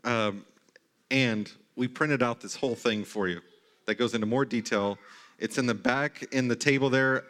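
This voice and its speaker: A man in his thirties preaches to his congregation in a relaxed, conversational way. His voice sits at an ordinary middle pitch, and he slips into animated, mock-incredulous asides to make his points. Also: normal speed. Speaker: pastor. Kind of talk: sermon. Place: church sanctuary.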